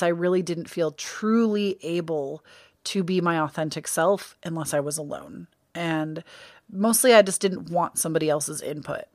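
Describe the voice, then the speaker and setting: Woman podcaster, lowish pitch, dry close mic, candid and meandering. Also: no room sound. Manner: candid, rambling, self-correcting. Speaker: podcast host. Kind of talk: casual spiritual podcast monologue.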